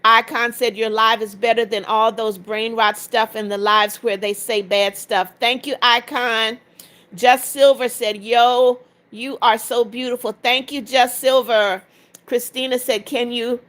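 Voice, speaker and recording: Older woman in her seventies, live stream host, fairly high voice, reads chat comments aloud, motherly. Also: fairly even intonation, unhurried, a bit bright. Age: 70s. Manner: greets viewers one by one, reads comments aloud. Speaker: livestream host.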